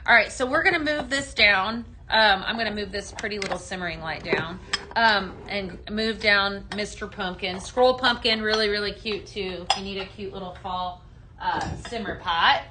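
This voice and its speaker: A woman's voice: mid-range voice, normal speed, background noise. A woman hosting a daily live-selling stream for home fragrance, chatting casually and greeting viewers by name as she mixes blends. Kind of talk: live shopping stream chat.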